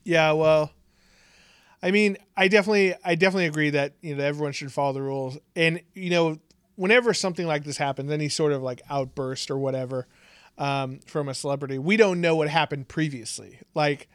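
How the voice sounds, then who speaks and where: A man co-hosting a podcast, chatting casually with quick jokes and asides. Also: fairly high pitch, fairly even intonation, fairly bright tone, clear, resonant tone, dry recording, studio quality. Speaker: podcast co-host. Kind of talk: casual chat.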